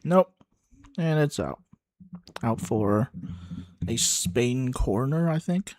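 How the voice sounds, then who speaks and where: A man giving casual live play-by-play of a football match for a watchalong, slow and halting, pausing and musing between calls. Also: mid-range voice, lively intonation, darkish tone, no room sound. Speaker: watchalong commentator.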